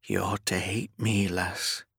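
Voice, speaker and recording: Male narrator as a gruff, tender ship's captain in an audiobook romance. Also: low voice, level tone, slow pace, fairly bright tone, no room sound, clean studio sound, heavily acted.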